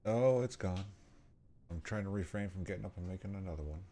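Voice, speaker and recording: A man's voice: low-pitched, brisk, mellow, a little hiss or hum. A man co-playing on a casual gaming stream, trading jokey, teasing banter. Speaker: co-player on a stream.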